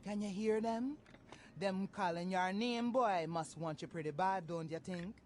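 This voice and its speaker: A woman's voice: mid-range voice, darkish tone, a little hiss or hum, close to an everyday voice. A woman playing a sly old voodoo woman. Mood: teasing. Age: older. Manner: sly, knowing, drawn-out delivery. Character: old Haitian voodoo woman, mystic and teasing. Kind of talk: video game voice acting.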